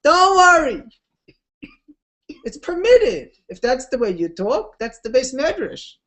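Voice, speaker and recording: A woman lectures on Torah, narrating stories without rushing. Her manner is conversational, with vivid pitch variation and relaxed tangents.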